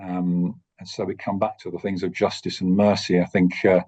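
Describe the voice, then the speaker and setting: A man teaching a course on preaching, speaking in a thoughtful, measured way with frequent pauses and restarts. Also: sits low, flat delivery, a little mellow, slightly rough, dull audio. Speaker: course tutor.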